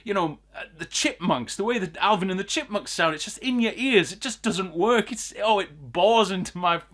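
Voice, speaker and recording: A man's voice: sits high, expressive, normal speed, fairly bright tone. Exasperated man ranting about films. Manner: exasperated, emphatic, repeats himself. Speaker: film podcast co-host. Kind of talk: ranting film critique.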